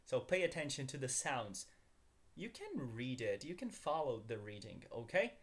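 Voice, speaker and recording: A man's voice: mid-range voice, sing-song, moderate pace. Upbeat male language teacher. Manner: upbeat, addresses viewers as guys, asks them to repeat. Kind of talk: language lesson.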